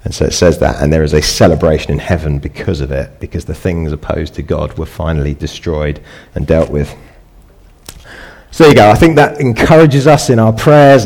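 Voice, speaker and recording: Deep-voiced man preaching conversationally. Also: a little mellow. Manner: conversational preaching, rising emphatic peaks. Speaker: pastor. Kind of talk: sermon.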